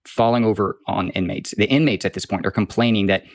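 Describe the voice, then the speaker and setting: A man reporting events in a relaxed, conversational retelling, quoting others as he goes. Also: on the low side, a little fast, no echo.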